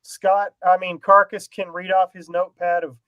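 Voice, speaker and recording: A man's voice: high-pitched, little pitch movement, normal speed, smooth, no echo, highs cut off. A man co-hosting a casual podcast chat, rambling and self-deprecating, laughing often. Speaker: podcast co-host.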